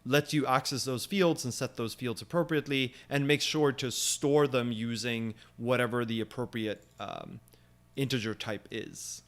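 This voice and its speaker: A young man leads a live programming session and talks through his reasoning as he goes. His speech is loose and unscripted, full of pauses, fillers and quick restarts. His pitch sits in the middle range for a man. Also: fairly even intonation, a bit bright. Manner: thinking aloud with many fillers. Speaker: programming stream host. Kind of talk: live coding walkthrough.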